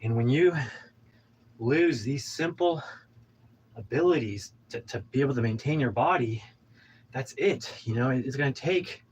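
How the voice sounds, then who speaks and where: A man's voice: mid-range voice, animated, normal speed, pauses often, darkish tone, a little hiss or hum, poor audio. A man in his thirties, out of breath from exercising, giving a pumped-up, rambling motivational talk. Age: 30s. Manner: pumped-up, preachy, rambling with restarts. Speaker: vlogger.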